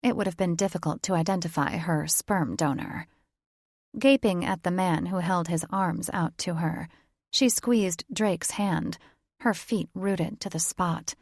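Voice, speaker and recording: A woman narrating a fantasy romance audiobook in a measured, even storytelling manner. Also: on the low side, no room sound, clean studio sound. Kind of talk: scripted narration.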